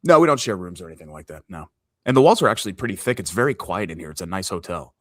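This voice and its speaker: A man co-hosting a sports talk show from a hotel room, talking in a hushed, easygoing way. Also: deep voice, very animated, rapid-fire, no room sound, clean studio sound. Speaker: podcast co-host.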